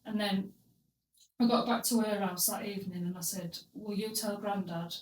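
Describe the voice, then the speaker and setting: A woman's voice: medium pitch, steady tone, normal speed, distant mic, slight background noise. A young woman telling a story on a casual podcast, blunt and crude with comic timing. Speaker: podcast host. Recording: roomy, a bit off-mic.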